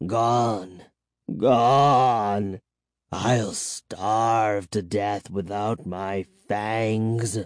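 Count Nightwing, a reader doing a hushed old vampire. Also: no echo, studio quality. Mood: moaning. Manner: low, slow and hushed; moaning, self-pitying. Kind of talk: audiobook reading.

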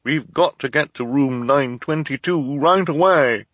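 Kid trying way too hard to sound tough, narrator doing him, loud fake bluster. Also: male voice, on the high side, a little slow, dry recording, pitched above the performer's own voice. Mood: faking fierce. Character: young boy faking fierce villainy.

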